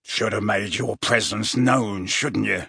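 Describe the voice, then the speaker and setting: A man voicing an aggressive, sneering elderly man in an audiobook, with a slow, surly delivery. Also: sits low, animated, vocal fry, pushed and bright, slightly rough, no echo, clean studio sound, voice pushed down, full character voice. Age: older. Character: aggressive elderly male cottage-dweller, hostile, sneering. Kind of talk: audiobook character voice.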